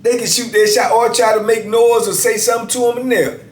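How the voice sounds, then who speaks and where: A man in his fifties with a very high-pitched voice speaks a little fast, his intonation fairly even. Hosting a channel, he tells stories in a laid-back way, peppering them with "man" and "you know what I'm saying," in an echoey room with faint background hiss.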